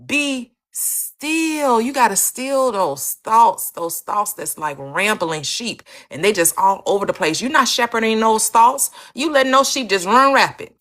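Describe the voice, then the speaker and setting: Lively, bright-voiced woman preaching manifestation. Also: medium pitch, normal speed, few pauses. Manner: emphatic, repetitive, rhetorical questions. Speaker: manifestation teacher and channel host. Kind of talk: preachy motivational teaching. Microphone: live-stream.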